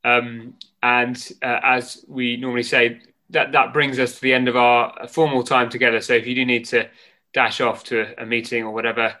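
A man's voice: mid-range voice, flat delivery, moderate pace, bright, forceful tone. A man hosting an online meeting, speaking politely and hesitantly with many fillers. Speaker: meeting host.

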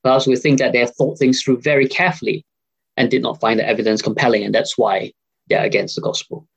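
A man's voice: medium pitch, little pitch movement, fast, gravelly, breathy edge, rough recording. A man preaching a sermon over a video call, earnest and questioning, with frequent filler sounds.

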